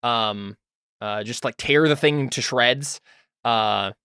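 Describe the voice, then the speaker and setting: A man's voice: medium pitch, takes it slowly, sharp tone, clear, resonant tone, no room sound, clean studio sound. A man running a tabletop role-playing game, talking loosely with many fillers and asking the players what they do. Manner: loose, filler-heavy, asks players questions. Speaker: game master.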